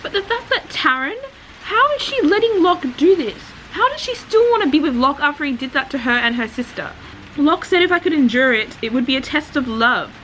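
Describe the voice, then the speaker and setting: A young woman vlogging her reading, chatty and excitable, gasping and exclaiming as she reacts. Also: high-pitched, brisk, a little hiss or hum. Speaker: book vlogger. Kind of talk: casual reading vlog reactions.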